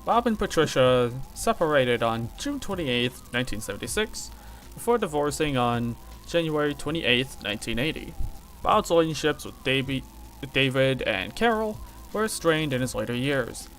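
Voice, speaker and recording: A man's voice: medium pitch, big pitch swings, moderate pace, fairly bright tone, faint music behind, poor audio. A man hosting a casual stream, reading a text aloud with joking asides. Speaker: stream host.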